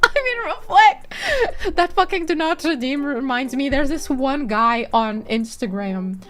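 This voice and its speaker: A woman in a casual live-stream chat, high-pitched and bouncing all over her range. She talks unhurriedly, breaks into giggles often, and swears freely, with faint music underneath. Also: lively intonation, unhurried, fairly bright tone.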